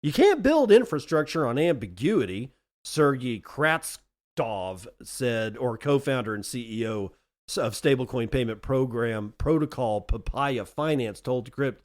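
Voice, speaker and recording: A man's voice: mid-range voice, very animated, measured pace. A man hosting a podcast, reading news articles aloud and breaking in with sarcastic asides of his own. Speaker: podcast host.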